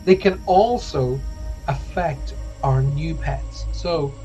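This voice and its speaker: A man's voice: on the high side, takes it slowly, mellow, soft background music, low-quality recording. An Irish man from Ireland hosting a casual livestream as a psychic medium, chatting and reading out viewer comments in a rambling, reassuring way.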